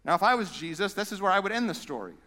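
A male pastor preaching a sermon in a conversational, animated way. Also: high voice, racing, big-room sound.

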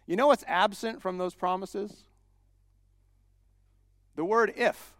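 A man preaching a sermon as a pastor, emphatic and rising to loud repeated declarations. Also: high voice, takes it slowly, studio quality. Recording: long hall reverb.

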